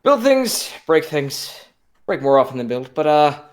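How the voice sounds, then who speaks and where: A man playing a tabletop role-playing game in character, wry, halting, restarting often. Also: a little high, big pitch swings. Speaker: player.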